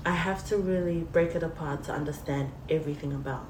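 A woman guest giving an earnest, halting faith testimony in an interview. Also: low voice. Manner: earnest, halting, tearful at times. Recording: roomy, distant, faint hiss.

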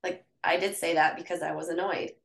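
A woman co-hosting a podcast in casual chat, telling candid, lively stories. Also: lowish voice, a little fast, gravelly. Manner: candid, animated storytelling. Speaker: podcast co-host. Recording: echoey room.

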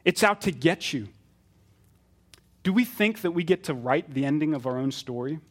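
A middle-aged pastor preaching a sermon in an earnest manner that builds to fervent emphasis. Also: male voice, a little high, expressive, moderate pace.

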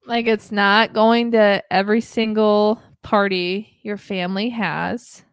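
A woman in her thirties co-hosts a casual podcast chat, earnest and rambling, quick to laugh. Her voice sits at an everyday middle pitch. The sound is close and dry, with no room around it. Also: steady tone, clean tone, dry recording. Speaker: podcast co-host.

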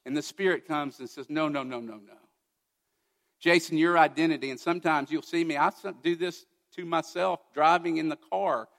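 A man's voice: fairly high pitch, steady tone, a little fast, gravelly, hardly any pauses, a bit bright. Earnest preaching man in reverberant hall. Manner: earnest, conversational preaching with asides. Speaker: pastor. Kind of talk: sermon. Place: church sanctuary.

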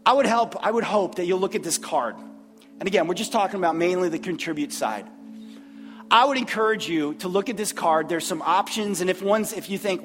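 A man preaching a sermon as pastor, earnest, often repeating words and pausing. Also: high-pitched, a bit bright, long reverb tail, soft background music. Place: church sanctuary.

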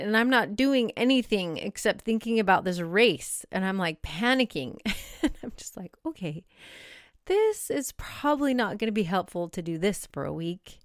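A woman hosts a casual solo podcast in a smooth, clear voice of middle pitch. She laughs often and acts out her own inner self-talk. The sound is dry and close to the mic. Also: no echo. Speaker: podcast host.

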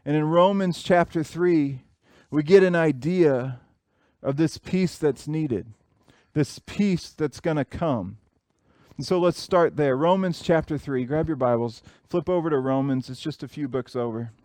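A man's voice: a little high, a little slow, a little mellow, no room sound. A man in his thirties preaching a sermon, earnest and repeating phrases for emphasis. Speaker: pastor.

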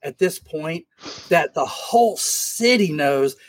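A man teaching a casual Bible study discussion, animated and acting out scenes from the text. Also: a little high, slow, dry recording. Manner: animated, acts out scripture scenes in voices. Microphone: camera mic.

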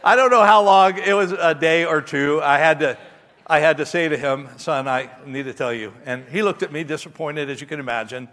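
Animated storytelling pastor in a reverberant hall. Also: male voice, a little high, a little fast, a little hiss or hum. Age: middle-aged. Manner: animated, self-mocking storyteller. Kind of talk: sermon with storytelling. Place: church hall.

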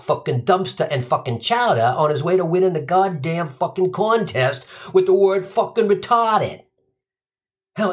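A comedian telling a profane, sardonic stand-up story. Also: medium pitch. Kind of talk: stand-up routine.

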